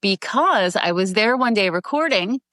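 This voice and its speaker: A middle-aged actress, telling animated stories in a casual interview and acting out quoted voices. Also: female voice, mid-range voice, moderate pace, no echo. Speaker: guest actress.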